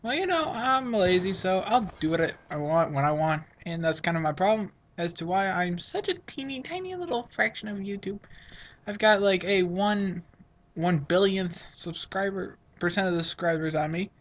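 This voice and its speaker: A man's voice: high voice, animated, normal speed. A teenage boy giving rambling, self-mocking commentary over his own gameplay, sniffling from a runny nose. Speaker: gaming channel host.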